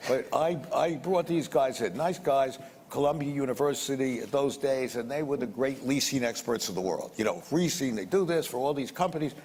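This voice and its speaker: A man's voice: mid-range voice, normal speed, a little mellow. An older man telling a business story in a blunt, rambling way, repeating words and swearing a little. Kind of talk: anecdotal storytelling. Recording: roomy reverb with faint background noise.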